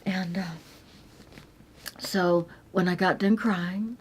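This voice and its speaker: Slow, low-voiced woman giving testimony. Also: fairly even intonation, husky. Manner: earnest and tender, dropping to a soft whisper at emotional moments. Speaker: Christian speaker sharing her testimony. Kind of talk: personal faith testimony.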